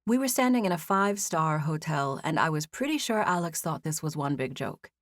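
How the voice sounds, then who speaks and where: A woman narrating a first-person novel as an audiobook. She reads in an even, measured storytelling manner, her voice sitting fairly low. The studio sound is dry and close-miked. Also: no echo.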